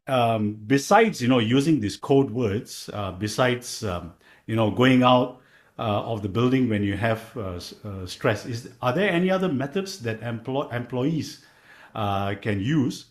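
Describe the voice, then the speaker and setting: Male podcast host, halting, lots of ums and uhs, interview questions. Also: mid-range voice. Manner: hesitant, many fillers.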